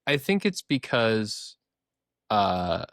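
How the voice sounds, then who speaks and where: A man's voice: on the low side, sing-song, drawn-out words, fairly bright tone, no room sound, studio quality. A man with a Minnesotan accent, co-hosting a podcast in playful, joking casual chat. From Minnesota, USA. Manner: playful, swears casually, jokey. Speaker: podcast co-host.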